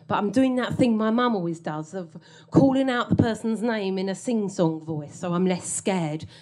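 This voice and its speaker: A woman's voice: medium pitch, moderate pace, darkish tone. A woman telling a comic story from her own life on stage, wry and self-mocking, often laughing through her lines.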